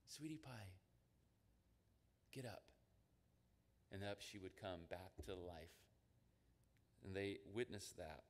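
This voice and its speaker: A male pastor delivers a conversational sermon in a somewhat low voice. He tells the story vividly, acting out quoted lines and dropping in casual asides. His voice carries a long reverb from the church hall. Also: fairly bright tone. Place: church sanctuary.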